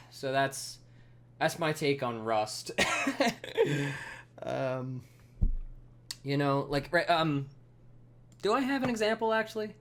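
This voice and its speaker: A man's voice: mid-range voice, slight background noise. A man coding on a live stream, rambling and swearing with lots of fillers, muttering code to himself between rants. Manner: rambling, profane, many fillers. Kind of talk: casual live-coding rant.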